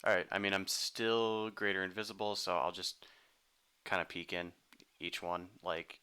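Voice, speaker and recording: A laid-back man talks through his moves in a tabletop game. His voice is very deep yet bright and crisp. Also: little pitch movement, normal speed. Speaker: player.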